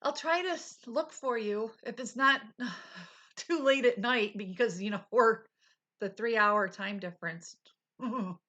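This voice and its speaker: A middle-aged woman, recovering and short on energy, hosts a laid-back livestream where she talks candidly with viewers and laughs often. Her voice runs on the high side, sharp in tone, and unhurried.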